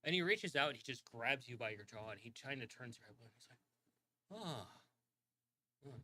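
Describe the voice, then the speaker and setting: Gm guy narrating the scene, bright voice, rambly. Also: medium pitch, animated, fast talker, a little hiss or hum, low-quality recording. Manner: rambling, full of fillers and restarts. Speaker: game master. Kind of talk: narrating a tabletop game.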